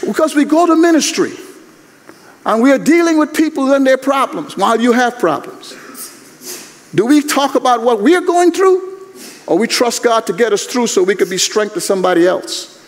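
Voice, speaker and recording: High-voiced preacher in an echoing chapel. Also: male voice, big pitch swings, normal speed. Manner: emphatic, conversational preaching with rhetorical questions. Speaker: guest chapel speaker, pastor. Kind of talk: sermon. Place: university chapel. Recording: echoey hall.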